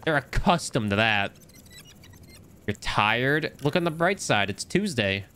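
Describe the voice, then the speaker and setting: A young man chatting casually while streaming a game, telling stories with big rises in his voice when excited. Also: slow pace, a little hiss or hum. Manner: animated storytelling, swings high when excited. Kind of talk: casual gameplay commentary.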